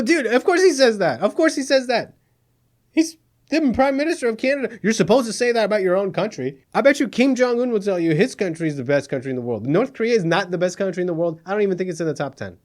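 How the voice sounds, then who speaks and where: A man's voice: high voice, animated, fast talker. A man hosting a satirical news show, sarcastic and exasperated, often laughing at his own jokes. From Middle East. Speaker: comedy news host.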